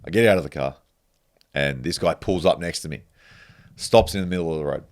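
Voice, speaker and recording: A man's voice: low voice, a little fast. A man hosting a podcast, telling a road-rage story in casual chat, laughing often and swearing freely. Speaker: podcast host.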